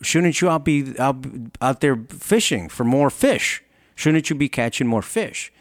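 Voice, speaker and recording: A man's voice: mid-range voice, expressive, a little slow, no echo, clean studio sound, voice pushed up, lightly acted. A man voicing an insistent businessman who lectures in a raised voice while telling a story. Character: pushy suited businessman, grown man, insistent.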